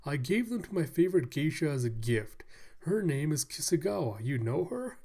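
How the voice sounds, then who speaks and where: A man's voice: fairly high pitch, very animated, moderate pace, gravelly, warm tone, voice pushed up, exaggerated voice. A man doing a genteel old man. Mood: fond.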